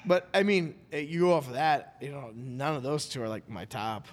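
A man hosting a podcast, telling a story in a rambling, animated way and acting out what people said. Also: medium pitch, moderate pace. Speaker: podcast host. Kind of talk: casual storytelling chat. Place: studio.

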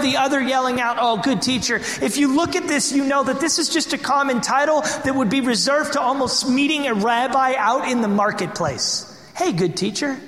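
A man's voice: very high-pitched, fairly bright tone. A man pastor delivering an impassioned, emphatic sermon full of rhetorical questions, in a church sanctuary. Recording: echoey hall with long reverb.

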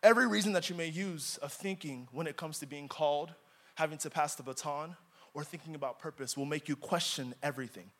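High-voiced man preaching a sermon. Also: fairly quick. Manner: dramatic, swings from loud emphasis to quiet asides. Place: church.

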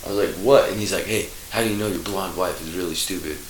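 A man's voice: low-pitched, quick pace, roomy sound, a little hiss or hum, rough recording. A man telling long, profane jokes and stories in a rambling, casual way, putting on voices for the people in them. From Idaho. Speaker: podcast guest, local musician. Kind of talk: casual storytelling.

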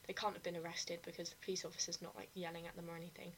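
A woman's voice: on the low side, rapid-fire, a little hiss or hum, low-quality recording. A young woman co-hosting a podcast, telling stories animatedly in casual chat and swearing often. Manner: animated storytelling, frequent swearing. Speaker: podcast co-host.

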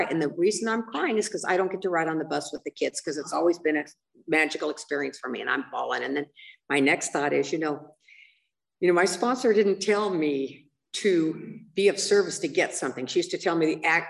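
A middle-aged woman shares her recovery story in a low, gravelly voice with a chatty, lively manner. She keeps checking in with her listeners with "you know" and "right?". Her voice is picked up from some distance away from the mic. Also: fairly quick. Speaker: recovery meeting speaker.

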